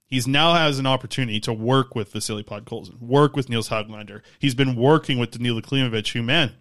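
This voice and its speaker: Tired guy rambling about hockey on a podcast, mid pitched voice. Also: fast. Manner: rambling, animated hockey talk. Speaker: podcast co-host. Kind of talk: casual sports podcast chat.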